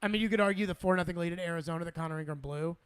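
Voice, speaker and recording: A man's voice: a little high, rapid-fire, clear, resonant tone. A man hosting sports talk radio, exasperated and sarcastic, repeating himself as he rants.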